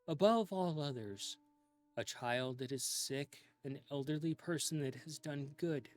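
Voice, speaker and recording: Man doing a cold disembodied spirit, slow, low, taunting, soft music behind. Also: natural voice. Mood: judging.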